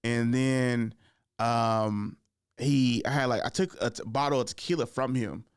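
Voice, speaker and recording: A man's voice: mid-range voice, measured pace, clear, resonant tone, no room sound, studio quality. A man hosting a podcast, telling a story casually in a loose, rambling way with many fillers. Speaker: podcast host.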